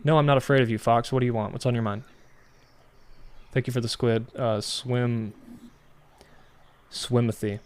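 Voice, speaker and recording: A man's voice: medium pitch, fairly even intonation, moderate pace, long pauses, darkish tone, clear, resonant tone. Combative male host running a live debate. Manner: combative, calls out lies, addresses callers bluntly. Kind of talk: heated livestream debate.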